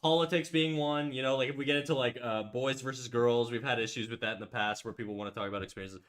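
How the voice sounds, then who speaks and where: A man's voice: medium pitch, steady tone, fast talker, a bit bright. A male livestreamer chatting casually with his viewers while he draws. He rambles through tangents with constant filler words and casual swearing, in a mid-range voice, and stops now and then to read out chat messages and answer them. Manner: rambling, lots of "like" and restarts, swears. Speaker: livestream host.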